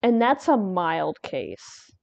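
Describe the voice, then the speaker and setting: A woman's voice: on the low side, wildly swooping pitch, slow pace, gravelly, darkish tone, no room sound, muffled recording. Rambling, laughing woman streamer. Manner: rambling, laughing, restarts mid-thought. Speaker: artist streamer. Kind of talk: casual stream chat while drawing.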